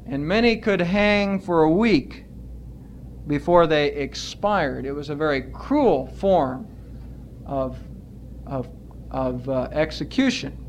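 A man preaching a sermon as pastor, earnest and emphatic, stretching out his words with pauses. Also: a little high, animated, slight background noise.

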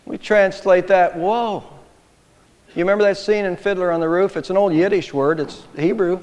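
High-voiced man preaching in a reverberant hall. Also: fairly quick, darkish tone. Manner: emphatic preaching that swells in volume on key phrases. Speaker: pastor. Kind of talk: sermon.

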